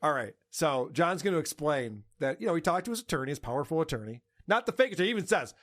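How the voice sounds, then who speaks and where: Male podcast host, high-ish and animated, mocking tone, casual commentary. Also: fast talker, few pauses. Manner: mocking, laughs often.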